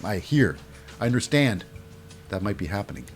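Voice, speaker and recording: A man's voice: fairly low pitch, big pitch swings, moderate pace, faint music behind. A man giving a casual, jokey recap of a wrestling show. He rambles and fills his talk with "uh" and "you know".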